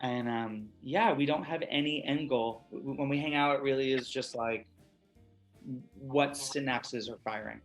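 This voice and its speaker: A man's voice: mid-range voice, unhurried, faint music behind. An American man, an actor guest, chatting expressively and casually in an interview. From USA.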